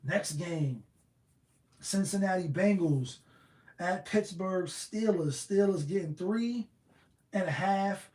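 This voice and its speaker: A man runs through his betting picks in a loose, slangy solo talk. His voice sits high for a man, and he keeps throwing out rhetorical questions with animated energy. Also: slow, pauses often, reverberant. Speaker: sports betting show host.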